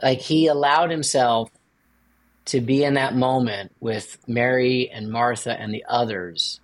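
A man's voice: steady tone, a little slow. A man co-hosting a faith podcast as a priest, chatting casually and joking with playful asides. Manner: playful, jokes with sudden high-pitched asides.

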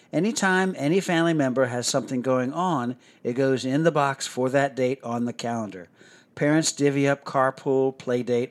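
A middle-aged man, the host and a doctor, giving scripted parenting advice in a measured, instructive and earnest way. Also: medium pitch.

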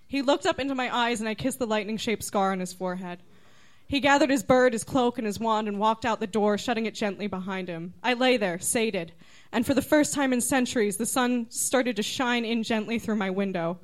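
A woman reads her overwrought fan fiction aloud to a comedy crowd in a slow, deadpan, dramatic way. Her voice sits a little high. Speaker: contestant reading fan fiction. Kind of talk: comic fan-fiction reading.

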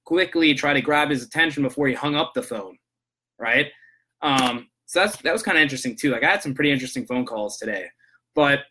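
Bright-voiced man rambling through a podcast story. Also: medium pitch. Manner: rambling, many restarts and "I'm like" asides; earnest, motivational. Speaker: podcast host. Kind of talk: casual monologue, storytelling about work calls.

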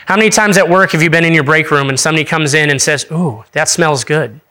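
A man's voice: a little high, quick pace, pushed and bright. A young adult man, an associate pastor, preaching in a casual storytelling way, laughing often and restarting his sentences.

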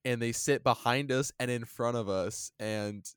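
A man's voice: medium pitch, measured pace, clean tone. Young man rambling through a story. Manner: rambling, animated storytelling with fillers. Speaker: podcast co-host. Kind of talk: casual chat.

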